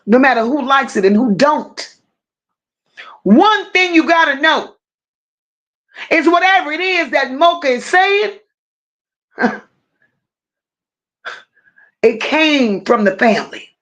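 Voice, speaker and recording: A woman running a live-stream true-crime commentary rants in an emphatic, confrontational style, stressing words forcefully and pausing to thank viewers in the chat. Her voice sits high, sing-song and a bit bright, with the highs cut off in the recording.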